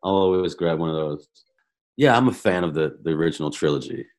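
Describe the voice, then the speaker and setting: Animated, laughing man telling stories. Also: low voice, fairly quick, faint music behind. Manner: animated storytelling, laughs often; repeats words, stumbles and restarts. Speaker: podcast guest. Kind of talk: casual chat.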